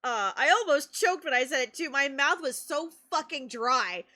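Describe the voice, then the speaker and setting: Giggly high-voiced woman streamer. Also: normal speed. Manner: excitable, laughs often, swears casually. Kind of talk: casual live-stream storytelling.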